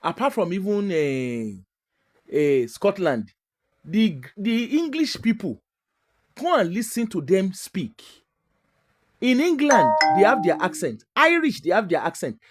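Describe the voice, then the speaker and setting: A Nigerian man with a fairly high voice tells stories in a relaxed, chatty way. His pitch swings widely as he talks, and he slips Pidgin into his English with frequent laughs. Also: unhurried. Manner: animated, mixes Pidgin into English, laughs often. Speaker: guest. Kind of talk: casual storytelling.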